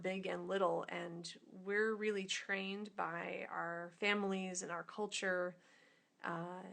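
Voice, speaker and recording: Woman, gravelly voice, mid pitch, casual rambling explanation while drawing. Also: fairly bright tone. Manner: informal, rambling, with many fillers. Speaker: illustrator and author.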